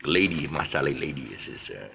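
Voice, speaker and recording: A man's voice: a bass voice, expressive, moderate pace, vocal fry, bright, forceful tone, a little hiss or hum. An older man from Malaysia tells stories in a casual, hesitant way, full of fillers. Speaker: vlogger. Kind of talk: casual storytelling monologue.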